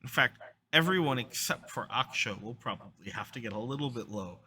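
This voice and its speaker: A game master narrating a tabletop game in a lively, rambling way with fillers. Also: mid-range voice, brisk, crowd noise.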